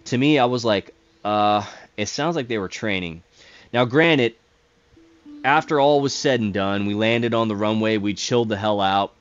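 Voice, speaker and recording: A man hosting a gaming video, telling a long personal story in a casual, rambling way, repeating words, swearing when excited and acting out the radio calls. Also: on the low side, moderate pace, muffled recording, faint music behind. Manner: acts out radio calls in quoted voices, gets heated. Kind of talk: casual storytelling over gameplay.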